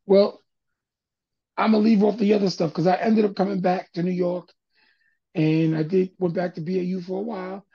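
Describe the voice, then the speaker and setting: A man's voice: sits high, moderate pace, vocal fry, husky, dull audio. An older man, a music producer and guest, telling stories in a casual interview and acting out other people's voices as he goes. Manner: animated storyteller, acts out quoted voices.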